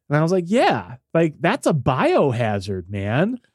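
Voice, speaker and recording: A man co-hosting a podcast tells a story in casual chat. He acts out the voices in his story. His pitch swings widely, and the sound is dry and close. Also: measured pace, no echo. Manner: animated, acts out voices in quotes. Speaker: podcast co-host.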